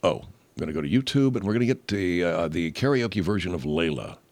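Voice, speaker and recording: A middle-aged man hosting a podcast, rambling and profane, clearing his throat often. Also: sits low, expressive, a little fast, noisy background. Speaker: podcast host. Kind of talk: casual comedic monologue.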